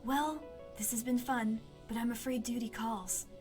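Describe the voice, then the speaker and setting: A woman reads out a tall, sly male alien from a game, purring his teasing lines in a soft, fairly high voice. Music plays behind him. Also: normal speed, lightly acted.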